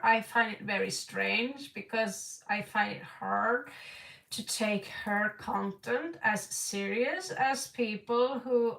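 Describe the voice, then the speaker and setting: A woman's voice: fairly high pitch, creaky, fairly bright tone, echoey room, recorded from a distance, poor audio. A woman doing an online tarot reading in a rambling, frank way. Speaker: tarot reader.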